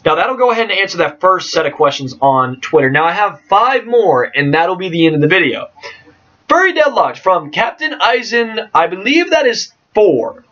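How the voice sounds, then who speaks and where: A man answering viewer questions in a casual vlog, excitable and jokey, trailing off and restarting. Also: high-pitched, moderate pace. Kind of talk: casual chat. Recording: distant, dull lo-fi mic.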